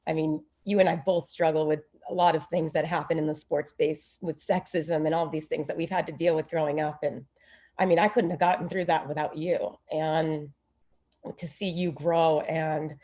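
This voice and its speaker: A woman's voice: deep voice, fairly even intonation, moderate pace, warm tone. A woman in her thirties on a video call, giving an unprepared, heartfelt tribute to a friend, rambling and close to tears. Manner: rambling, gushing, many fillers. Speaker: former teammate giving a tribute.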